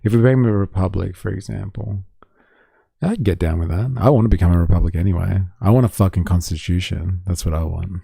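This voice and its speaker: A man's voice: sits low, fairly quick, creaky, dark tone, breathy edge, no room sound, clean studio sound. A man with an Australian accent giving sardonic, swearing live-stream commentary and reading out chat comments.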